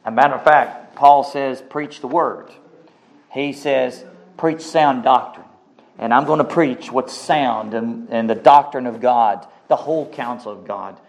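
A man preaching a sermon, emphatic and repetitive, his voice climbing on key phrases before dropping back. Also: mid-range voice. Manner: slow, emphatic preaching with rising outbursts and repeated phrases.

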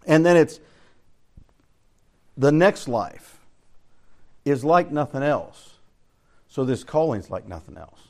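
A man's voice: fairly high pitch, sing-song, slow pace, long pauses. Older man, folksy preaching with dynamic swings. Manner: folksy storytelling with swings between loud and soft. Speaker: pastor. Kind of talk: Bible study sermon.

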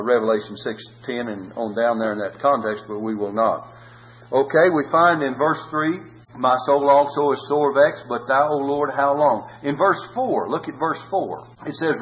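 A man's voice: mid-range voice, fairly bright tone, dull audio. A man preaching a sermon in an earnest way, rising into pleading cries.

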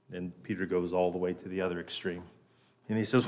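A man preaching a sermon in a conversational way. He often checks in with "right?", slows down on key words and raises his voice to act out lines. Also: low-pitched, little pitch movement, a little mellow. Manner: raises his voice when acting out Peter's lines. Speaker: pastor.

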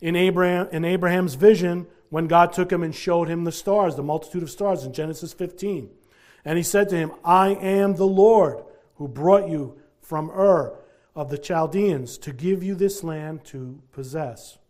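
A man preaching a sermon, reading scripture and explaining it in an earnest, deliberate way, slowing down on key words. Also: a little high, darkish tone.

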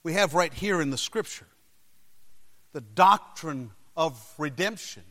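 Male preacher, high and bright, slow dramatic delivery, big hall reverb. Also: expressive. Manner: dramatic storytelling with sudden shouted crowd cries and hushed lows. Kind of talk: sermon. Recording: long reverb of a large hall.

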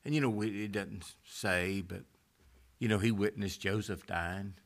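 A man preaching a sermon, swinging from loud rising exhortation down to hushed near-whispers. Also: fairly low pitch, fairly even intonation, a little slow.

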